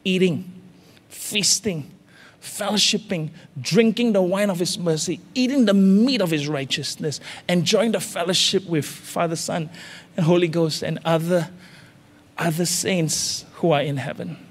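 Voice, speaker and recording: High-pitched and slightly rough, this pastor from Singapore speaks at a measured pace. Preaching passionately in a big church hall that echoes with faint music, he urges his audience again and again, his calls rising as he repeats them.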